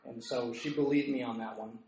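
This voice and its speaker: A man's voice: mid-range voice, steady tone, fairly quick, darkish tone, echoey room, slight background noise, poor audio. A middle-aged man preaching, telling a story from his congregation and acting out the people in it. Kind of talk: storytelling sermon. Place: church meeting room.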